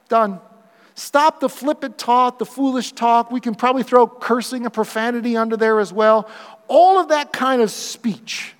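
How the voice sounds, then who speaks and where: Male pastor, high voice, lively sermon delivery with playful acted-out asides, long hall reverb. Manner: animated preaching, acts out quoted voices for humor.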